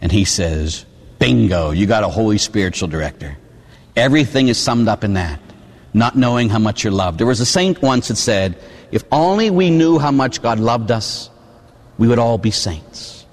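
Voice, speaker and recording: A Catholic priest from Pittsburgh preaching a storytelling sermon, animated, acting out voices and shouting at the peaks. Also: male voice, medium pitch, moderate pace. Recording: long hall reverb.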